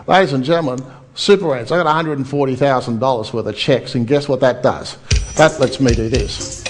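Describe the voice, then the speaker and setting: A man's voice: mid-range voice, quick pace. A man giving a property seminar, firing rhetorical questions at a live audience. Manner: animated, addresses the crowd with rhetorical questions. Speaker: seminar speaker.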